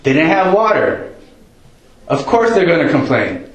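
A man preaching a sermon in a relaxed, joking, conversational way, raising his voice when he acts out people's prayers. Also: medium pitch, a little slow, pauses often. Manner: conversational, jokey, quotes prayers in raised voice. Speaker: pastor. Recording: roomy echo.

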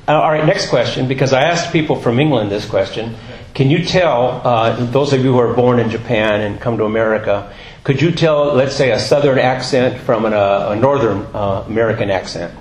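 A man's voice: medium pitch, a little fast, a little hiss or hum. Guy preaching in a church, rambly and chatty, lots of uh's, kinda roomy echo. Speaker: guest preacher. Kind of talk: sermon.

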